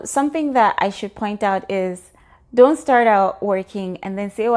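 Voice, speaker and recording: A woman's voice: medium pitch, darkish tone. A woman, vlogging about personal finance in an earnest, encouraging way, explaining step by step with occasional fillers. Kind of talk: explanatory talk to camera.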